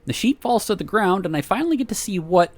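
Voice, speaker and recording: A man streaming, reading a visual novel aloud with expressive narration and laughing asides. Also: sits high, quick pace, no room sound.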